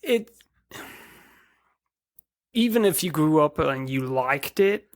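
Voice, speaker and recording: Man, gravelly voice, slightly high pitch, joking podcast co-host. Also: expressive, takes it slowly, no room sound, clean studio sound. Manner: joking, short quips. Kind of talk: casual chat.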